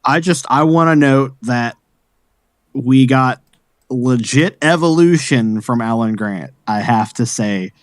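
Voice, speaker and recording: Dry-sounding excitable man recapping a film. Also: mid-range voice, slow pace, dry recording. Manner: excitable, rambling storyteller. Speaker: podcast co-host. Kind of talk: casual chat.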